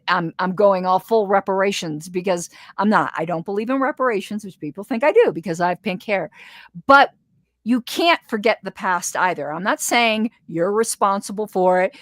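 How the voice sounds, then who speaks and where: A woman with a slight lisp, a guest in a casual interview, talking in an animated way with stumbling restarts. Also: medium pitch, no echo, studio quality.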